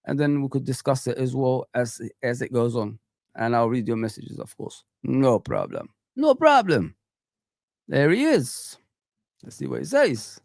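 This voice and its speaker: A man hosting a fan channel, chatting casually and at length, animated and rambling with lots of fillers. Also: mid-range voice, creaky, no room sound, clean studio sound. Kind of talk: casual live reaction chat.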